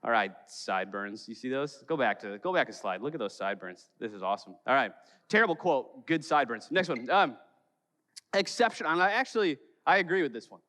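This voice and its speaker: A pastor from Chicago preaching a sermon in church, telling stories with jokes and playful acted quotes. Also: male voice, mid-range voice, expressive, fairly quick, fairly bright tone, in a large hall. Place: church sanctuary.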